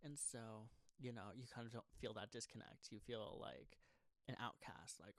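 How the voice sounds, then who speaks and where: A man's voice: fairly low pitch, fairly even intonation, moderate pace, dry recording. A young man, a pop singer-songwriter, talking casually and at length to his fans, rambling and swearing with sarcastic asides. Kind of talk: casual unscripted monologue to fans.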